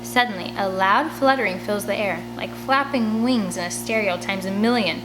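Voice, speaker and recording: A woman reading a children's chapter book aloud in an expressive storytelling way, recorded at home. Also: medium pitch, moderate pace, over music, poor audio. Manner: expressive storytelling, chatty asides. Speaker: audiobook reader. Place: home room by a large window. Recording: steady background hum.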